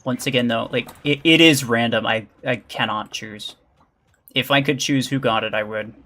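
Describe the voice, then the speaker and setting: A man's voice: mid-range voice, normal speed, sharp tone. A man streaming a video game live, chatting casually with viewers and muttering as he plays. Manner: chatty, reads and answers chat, mutters during play. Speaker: gaming livestreamer. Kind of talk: casual live-stream chat while playing.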